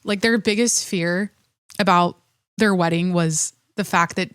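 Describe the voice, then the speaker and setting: A young adult woman hosting a solo podcast, ranting in an animated, profane way that keeps cutting itself off. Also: on the low side, a little slow, clear, resonant tone, dry recording, studio quality. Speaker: podcast host.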